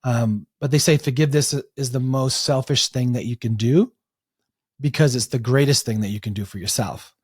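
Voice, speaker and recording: A man telling animated stories as an interview guest, acting out the people he quotes. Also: medium pitch, normal speed, slightly rough, no echo, studio quality. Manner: animated storyteller, restarts and acts out quotes. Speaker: guest, breathwork coach. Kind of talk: storytelling in an interview.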